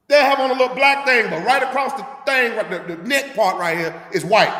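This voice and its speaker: A man's voice: high voice, animated, fairly quick, few pauses, sharp tone, roomy sound, big-room sound. A man leading a scripture class, preaching emphatically with rhetorical questions in a street-talk manner.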